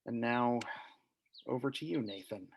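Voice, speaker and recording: A man hosting a poetry reading, thanking the reader haltingly before handing over. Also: mid-range voice, gravelly, a little hiss or hum. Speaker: host of the reading series.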